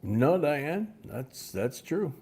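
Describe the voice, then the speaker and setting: A man's voice: fairly high pitch, sing-song, extremely slow, darkish tone, breathy edge. A man from Chicago hosting a live-streamed coin auction, chatting between calls of bidders' names and bids. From Chicago, USA.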